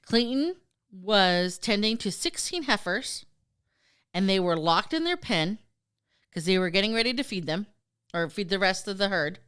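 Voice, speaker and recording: A woman's voice: medium pitch, smooth. A woman co-hosting a podcast, telling a story in casual, profane chat and acting out the voices in it. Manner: animated, profane, acts out quoted voices. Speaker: podcast co-host.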